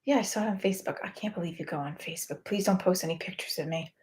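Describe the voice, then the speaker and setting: A woman voicing her neurotic, worrying mother in a low, hushed, half-whispered voice. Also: very fast, close to an everyday voice. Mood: fretful.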